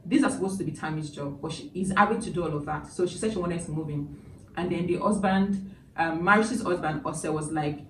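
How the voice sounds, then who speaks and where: A woman's voice: sits low, a little fast. Chatty woman reviewer, echoey and distant. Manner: chatty and emotional, with lively asides. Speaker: movie reviewer. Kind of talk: casual spoken review. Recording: echoey room, distant mic, background noise.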